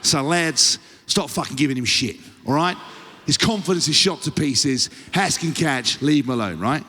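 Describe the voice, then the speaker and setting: A man's voice: fairly high pitch, expressive, moderate pace, pushed and bright, breathy edge, exaggerated voice. A blunt rugby coach barks short, bossy orders at his squad, as a man mimics him. The voice rings out in a live hall with a long reverb tail. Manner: curt, bossy.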